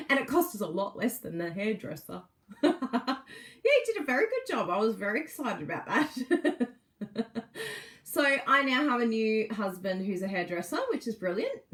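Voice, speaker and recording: A woman's voice: a little high, a bit bright. A middle-aged woman, hosting a casual live stream, bubbly and laughing often as she greets viewers by name. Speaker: Facebook Live host.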